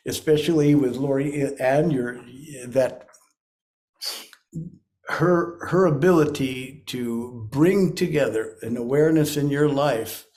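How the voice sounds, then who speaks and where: A man hosting a spiritual conversation, speaking in a slow, solemn, measured way. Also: mid-range voice, warm tone. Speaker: host.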